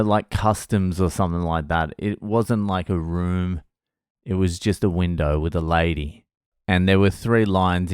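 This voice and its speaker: A man's voice: lowish voice, smooth, no room sound, studio quality. A man, a comedian, telling a story in a casual vlog with a sardonic, profane manner.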